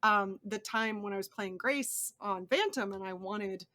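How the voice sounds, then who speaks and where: A young woman chatting as an interview guest, enthusiastic and quick to laugh, with many restarts. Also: medium pitch, pushed and bright. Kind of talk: casual interview chat.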